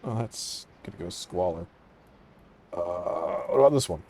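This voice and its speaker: A man giving casual commentary on a strategy game, mumbling to himself and trailing off into quiet asides. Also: deep voice, lively intonation, a little slow, gravelly, a little hiss or hum. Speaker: gaming channel host.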